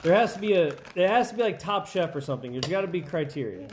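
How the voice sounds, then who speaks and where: A man's voice: high-pitched, lively intonation, fast, slight background noise. A man hosting a family baking taste test in a home kitchen, chatting casually with lots of fillers and restarts.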